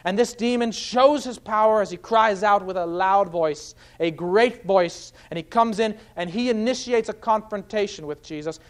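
A man's voice: sits high, moderate pace, hardly any pauses. A man preaching an expository sermon, earnestly explaining scripture point by point. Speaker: pastor.

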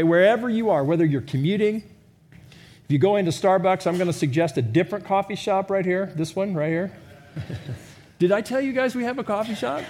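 A middle-aged male pastor with a notably high voice delivers his sermon like a chat with the congregation. He asks question after question and jokes at his own expense. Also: darkish tone. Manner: conversational, self-deprecating humor, rhetorical questions.

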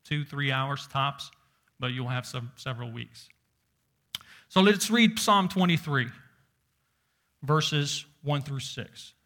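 A man's voice: medium pitch, slow pace, long pauses, pushed and bright. A man preaching a sermon as pastor, emphatic and stressing single words, reading scripture aloud with rising force.

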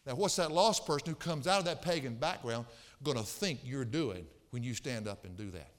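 A pastor preaching an expository sermon, emphatic and repeating phrases to drive points home. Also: male voice, medium pitch, animated, moderate pace, long reverb tail. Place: church sanctuary.

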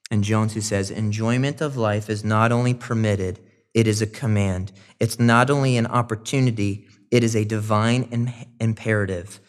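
A man preaching a sermon, animated and rising loud on emphasis, with quoted asides. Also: lowish voice, moderate pace. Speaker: pastor.

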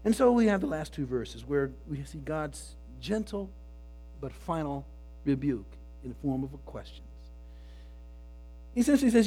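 Husky-voiced preacher, high and earnest. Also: male voice, big pitch swings, moderate pace, pauses often, warm tone. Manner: earnest, repeats words while building points. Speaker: pastor. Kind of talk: sermon.

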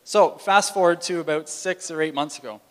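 A man's voice: fairly high pitch, moderate pace. Man preaching in a reverberant hall. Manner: storytelling with frequent restarts and fillers. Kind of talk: sermon.

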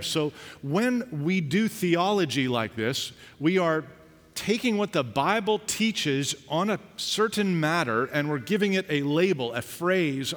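A man with a fairly high voice preaches a conversational sermon, acting out little scenes to make his point. The sound rings with the long reverb of a church hall. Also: fairly bright tone. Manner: conversational preaching with acted-out anecdotes. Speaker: pastor.

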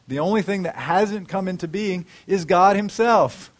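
Higher-voiced man preaching a sermon. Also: normal speed, hardly any pauses. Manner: addresses the congregation with questions.

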